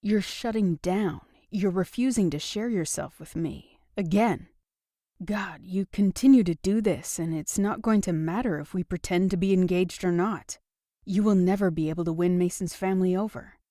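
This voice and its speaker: A woman's voice: fairly low pitch, normal speed, dry recording, studio quality, lightly acted. A woman voicing a patient but frank young man in an audiobook. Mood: blunt. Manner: calm but blunt. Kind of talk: audiobook dialogue reading.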